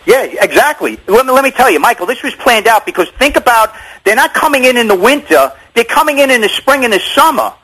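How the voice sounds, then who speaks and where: A male caller speaks in a very high, bright voice with a husky grain to it. He rushes eagerly through his point, repeating himself and stumbling over his words. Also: big pitch swings, poor audio. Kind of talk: call-in radio talk.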